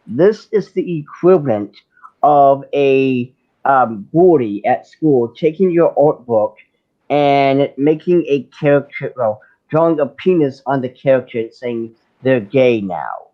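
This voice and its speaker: A man's voice: mid-range voice, lively intonation, a little slow. Fired-up man ranting on a lo-fi stream. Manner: heated, sarcastic, with many restarts. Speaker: livestream host. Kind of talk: casual ranting chat. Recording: dull lo-fi stream audio.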